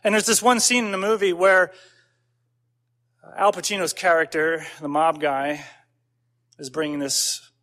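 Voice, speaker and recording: A man's voice: on the high side, pushed and bright. A man pastor giving a conversational sermon, telling stories with casual asides and building to emphatic points.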